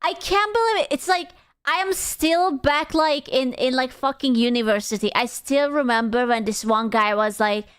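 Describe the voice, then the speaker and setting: A woman streamer with a high, smooth and clear voice, chatting with her viewers at an easy pace. She swears freely, bursts into laughter and puts on mock outrage, all in a dry, close sound. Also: normal speed, dry recording. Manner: loud laughing reactions and frequent swearing. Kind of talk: casual stream chat reading comments.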